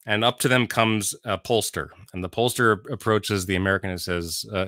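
A middle-aged man, a musician guest in a casual interview, answering thoughtfully and telling jokes with a wry, deliberate timing. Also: fairly low pitch, sharp tone, dry recording, clean studio sound. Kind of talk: casual conversation.

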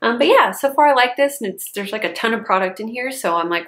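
A woman's voice: a little high, animated, fast, hardly any pauses, a bit bright. Chatty young woman reviewing hair products. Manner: chatty, bubbly, lots of "like" fillers. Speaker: beauty vlogger.

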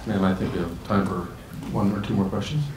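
A man's voice: low-pitched, fairly even intonation, brisk, distant mic, background noise. A man moderating a public conversation, asking brief prompting questions and calling on the audience. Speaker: interviewer and moderator. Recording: echoey hall recording from afar.

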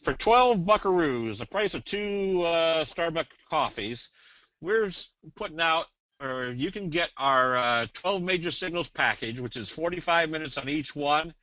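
A man presenting a trading webinar in a casual, folksy way, slipping in jokes and a sales pitch. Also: animated, measured pace, pushed and bright, no room sound. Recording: dull, dry webinar audio.

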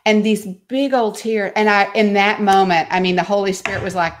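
A middle-aged woman telling an earnest personal story in an interview, her voice dropping hushed in tender moments. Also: mid-range voice, moderate pace, hardly any pauses. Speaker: speaker and author on homeschooling.

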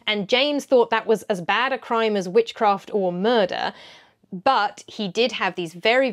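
Woman, history host, chatty commentary, casual ums, mid-pitched voice. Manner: chatty, frequent ums, occasional laughs. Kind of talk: educational commentary.

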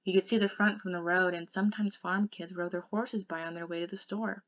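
A woman reading a novel aloud in an expressive way, softening to a hush in the quiet passages. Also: fairly low pitch, brisk. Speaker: audiobook reader. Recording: dull lo-fi recording.

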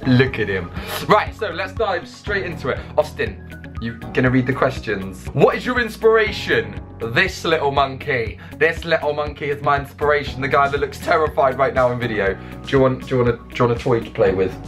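A young English man talking casually and jokingly at home, rambling with quick restarts and poking fun at himself. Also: mid-range voice, lively intonation, a bit bright, soft background music. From England. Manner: jokey, rambling, self-mocking, with quick restarts. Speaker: YouTuber and songwriter. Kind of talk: casual Q&A vlog.

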